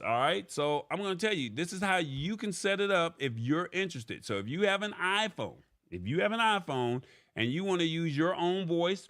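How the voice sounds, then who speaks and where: A man's voice: a little high, fairly bright tone. A man hosting a live tech show, reading from an article and paraphrasing it in casual chat, tagging his points with "all right?". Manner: chatty, repeats "all right?" often.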